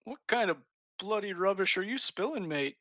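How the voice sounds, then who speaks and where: A man's voice: sits high, animated, normal speed, bright, forceful tone, dry recording, voice pushed up. A man voicing a male cult worker with a put-on Cockney accent, calling people mate. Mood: indignant.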